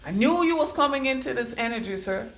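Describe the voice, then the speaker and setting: A woman giving a channelled oracle card reading. She rambles and repeats words in chanting bursts, swinging between low murmurs and loud declarations. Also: expressive, fairly quick. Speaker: psychic oracle card reader. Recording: echoey room.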